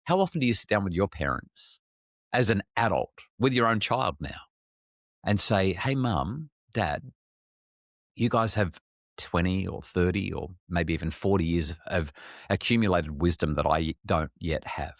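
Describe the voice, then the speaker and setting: A middle-aged Australian man with a very deep voice, talking frankly as a podcast guest. He stumbles and restarts often, then jumps up in pitch when something amuses him. The sound is dry and close, with no room around it. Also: normal speed, dry recording. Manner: candid and animated, frequent restarts and stammers. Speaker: parenting expert guest. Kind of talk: podcast conversation.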